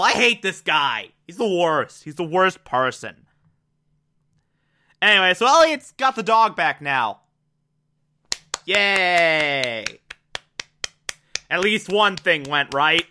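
A man giving a casual, excitable episode recap, with lots of "like" and "uh" and some swearing. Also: fairly high pitch, noisy background. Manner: excitable, profane, filler-heavy.

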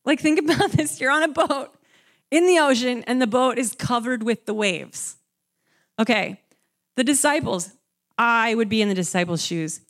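A young woman preaching a conversational sermon, animated and talking to the congregation, acting out scenes. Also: normal speed. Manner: animated, conversational, acts out the disciples with rising pitch.

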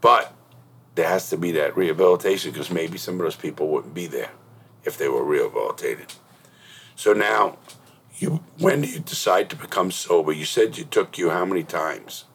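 A man's voice: deep voice, moderate pace, fairly bright tone, breathy edge. A middle-aged man hosting a podcast, telling blunt, profane stories in casual interview chat. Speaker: podcast host.

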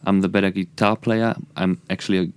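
A man's voice: sits low, steady tone, a little fast, smooth, dry recording. A man with a German accent, a musician guest talking earnestly and reflectively in a casual podcast chat. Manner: earnest, reflective, many restarts.

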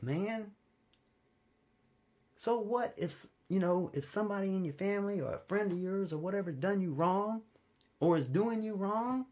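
A man preaching a sermon in a relaxed, conversational way, telling personal stories with big swings between loud high peaks and low quiet passages. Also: moderate pace. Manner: informal storytelling, wide swings in pitch and loudness, drops low and quiet for stories.

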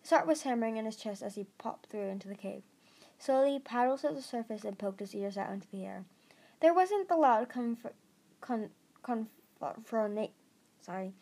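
A woman's voice: medium pitch, warm tone. A woman narrating an amateur audiobook reading, stumbling over words and restarting.

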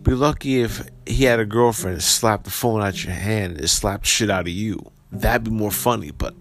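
A man's voice: on the low side, moderate pace, soft background music. A man hosting a podcast. He reads a news story aloud and then gives blunt, profane commentary. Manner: blunt and profane, heated when ranting. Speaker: podcast host.

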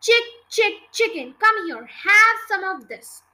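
Storybook role: a woman as an earnest boy, loud calls, lively pitch. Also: a little slow, full character voice. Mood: coaxing. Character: eager young boy, calling out.

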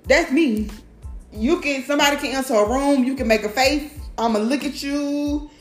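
A woman's voice: high voice, normal speed, soft background music. A woman giving a blunt, profane, outspoken monologue as a vlogger. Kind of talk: candid monologue. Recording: echoey room.

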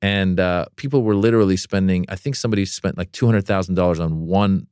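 Man, comedian guest, casual storytelling, animated, acts out voices, low pitch, dry close mic. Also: quick pace, smooth, dry recording.

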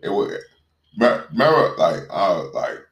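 A man in casual conversation, talking earnestly and haltingly with many fillers. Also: low voice, sing-song. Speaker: conversation partner. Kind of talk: casual chat. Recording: echoey room.

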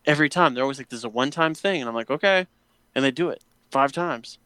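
A man talks through an annoyed, profanity-laden story in a relaxed chat at home. His voice sits at a middle pitch and is recorded dry and close, with no room sound. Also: racing, smooth, no room sound. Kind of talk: casual chat. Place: home patio.

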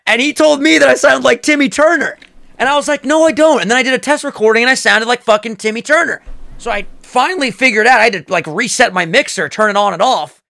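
A young man co-hosting a casual podcast, excitable and profane, with loud bursts when he gets worked up. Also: extremely high pitch, fast talker, creaky. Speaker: podcast co-host. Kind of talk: casual chat.

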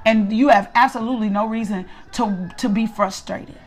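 A middle-aged woman preaching in a relaxed, conversational way, with a voice pitched a little high. She repeats her points for emphasis and keeps asking the listeners to answer her. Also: normal speed. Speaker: Bible study teacher. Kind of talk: conversational sermon.

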